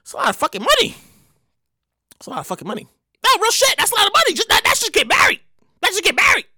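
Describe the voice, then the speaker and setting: A woman hosting her own show, ranting loudly and profanely in a comedic monologue, getting worked up and shouting. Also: extremely high pitch, quick pace, dry recording, clean studio sound. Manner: loud, profane, excitable ranting. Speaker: show host.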